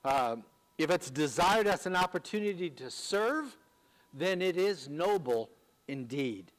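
A man preaching a sermon in an earnest, measured way, slowing down on key words. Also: fairly high pitch, very animated.

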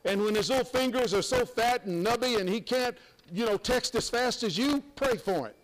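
A man's voice: very high-pitched, normal speed, rough recording. An older man preaching a sermon, folksy and emphatic, with sudden exclamations.

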